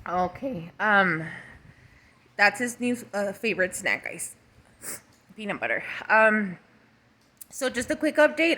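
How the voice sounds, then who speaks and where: A woman's voice: mid-range voice, big pitch swings, takes it slowly, pauses often, pushed and bright. A woman giving a casual, emotional vlog update as a mother, swearing freely and talking straight to her viewers. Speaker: mother and vlogger.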